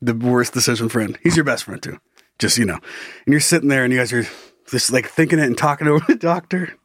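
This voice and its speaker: A man's voice: mid-range voice, quick pace, a bit bright, no room sound, studio quality. A man co-hosting a comedy podcast who laughs often and riffs on absurd scenarios in casual chat. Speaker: podcast co-host.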